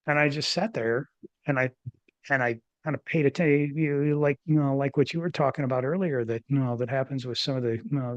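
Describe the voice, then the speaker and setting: A man in his fifties or older, a former doctor hosting a podcast, telling a personal story in a rambling, animated way with many restarts. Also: mid-range voice, no room sound. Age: 50s or older. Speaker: podcast host, former physician. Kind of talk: casual interview storytelling.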